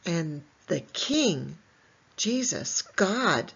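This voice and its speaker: A woman teaching a Bible lesson to young children in an animated way, asking them questions and answering them herself. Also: medium pitch, takes it slowly, husky, muffled recording.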